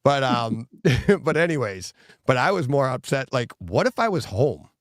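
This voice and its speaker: A man's voice: medium pitch, normal speed, no echo, studio quality. A middle-aged man co-hosting a podcast in casual chat, telling stories with lots of laughter and acted-out quotes. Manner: animated storyteller, laughs often, acts out quotes. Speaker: podcast co-host.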